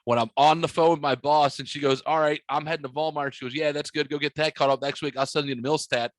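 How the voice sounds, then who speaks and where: This podcast host is a man with a fairly high, steady voice who talks fast in a recording with no echo. Chatting casually, he rambles through a long story, swears freely, and acts out the dialogue.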